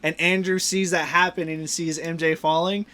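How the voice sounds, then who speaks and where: A man's voice: on the high side, level tone, normal speed, sharp tone. A man hosting a casual podcast movie review, retelling scenes animatedly with lots of fillers. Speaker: podcast host.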